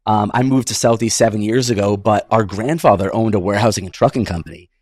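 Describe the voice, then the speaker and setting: A man's voice: fairly low pitch, darkish tone, no echo. A man from Massachusetts hosting a podcast, chatting casually and peppering his talk with like and you know. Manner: rapid, heavy use of like and you know. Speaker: podcast host, business owner. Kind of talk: casual chat.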